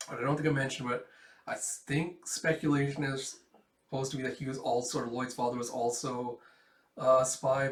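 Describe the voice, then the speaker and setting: A man hosting a manga reaction, reading and reacting to a comic in a rambling way. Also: mid-range voice. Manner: rambling, with restarts and "it's like". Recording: echoey room.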